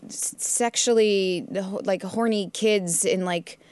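A woman's voice: mid-range voice, steady tone, slow pace, darkish tone, no echo. A young woman in her twenties, an actress telling a casual story in a podcast conversation, with laughs and swearing. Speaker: guest actress. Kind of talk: casual chat.

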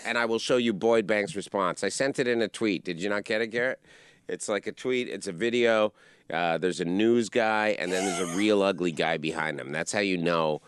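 A man's voice: on the low side, normal speed, smooth, no room sound, clean studio sound. A man hosting a comedy podcast, riffing in casual chat and breaking into mocking voices when he quotes people. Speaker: podcast host.

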